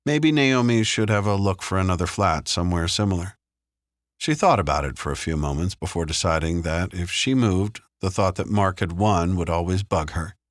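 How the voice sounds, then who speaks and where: A man reads a thriller audiobook in a measured, steady narrating voice. His voice is extremely deep. The studio sound is close and dry, with no room echo. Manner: measured, even storytelling. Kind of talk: scripted narration.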